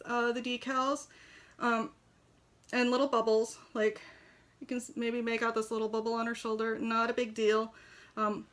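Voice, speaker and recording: In her home kitchen, a toy shop owner casually reviews a collectible model horse, gushing and using lots of fillers. Her voice is on the high side and fairly bright.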